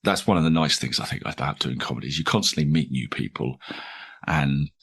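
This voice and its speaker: A man in his forties with a very low, deep voice, chatting as a comedian guest in an interview. He rambles and restarts often, joking at his own expense and breaking into laughs, in an easygoing, casual way. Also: expressive, fairly quick, vocal fry, fairly bright tone, husky. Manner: rambling, self-deprecating, frequent restarts and laughs.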